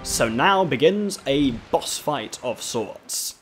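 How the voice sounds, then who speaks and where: A man commentating his way through a video game in a jokey, wry manner. His pitch swings around in a lively way, and faint game music plays behind him. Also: slow pace. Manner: jokey, wry, laughs often. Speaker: let's play host. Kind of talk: gameplay commentary.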